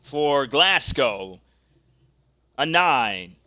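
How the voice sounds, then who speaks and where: A man's voice: medium pitch, drawn-out words, dry recording, clean studio sound. A man casually narrating a tabletop wrestling dice game, reading out rolls and calling the action. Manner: casual, reads dice results aloud, gets excited during the action. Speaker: game host.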